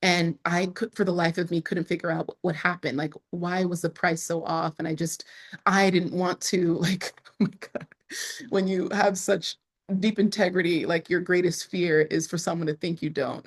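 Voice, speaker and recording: A woman with a fairly low voice tells her story in a loose, conversational interview. She leans on fillers and jumps up in pitch when something excites her. At times she sounds close to tears. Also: moderate pace, slightly rough. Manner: expressive, frequent "like" fillers, rises sharply when excited. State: emotional, near tears at times. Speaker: entrepreneur guest.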